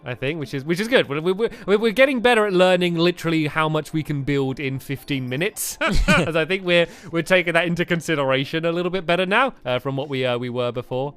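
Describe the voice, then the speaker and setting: A man's voice: on the high side, quick pace, few pauses, a bit bright, smooth. A man co-hosting a gaming video, chatting casually, laughing a lot and playfully teasing his partner. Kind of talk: casual gameplay chat. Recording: light background music.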